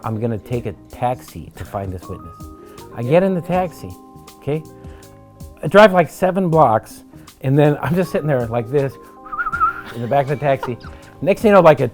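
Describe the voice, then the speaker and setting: A middle-aged man from Los Angeles telling a wild true story over drinks, loud and profane, laughing as he goes. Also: medium pitch, lively intonation, moderate pace, faint music behind. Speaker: guest.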